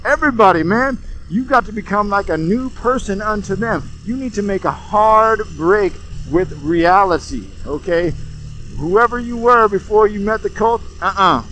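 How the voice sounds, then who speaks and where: A man hosting a casual comedic monologue while driving, sarcastic and animated, getting worked up. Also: high voice, normal speed, poor audio. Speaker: host. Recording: road noise from a moving car.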